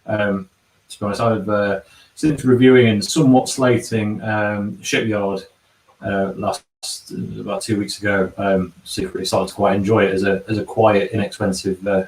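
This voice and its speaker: A man chats casually on a livestream, humming little filler syllables as he reads out comments. His voice sits fairly low and comes from a little way off the mic, in an echoey bar room. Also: little pitch movement, normal speed, distant mic, slight background noise. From England. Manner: chatty, hums filler syllables while scrolling comments. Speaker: livestream host reading chat. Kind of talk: casual chat. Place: bar and kitchen.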